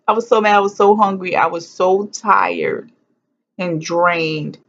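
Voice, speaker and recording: Animated woman telling a blunt story. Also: lowish voice, a little slow. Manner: animated, blunt, swears freely, acts out quotes. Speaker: vlogger. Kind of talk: casual storytelling to camera. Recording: dull lo-fi sound.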